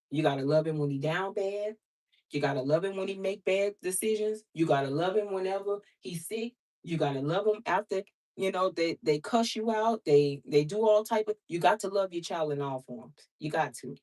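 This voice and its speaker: A woman's voice: sits low, a little mellow, recorded from a distance. A woman who reads tarot, talking casually and bluntly to her viewers, calling them sister and baby and swearing freely. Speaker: tarot reader. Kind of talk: casual vlog chat to viewers.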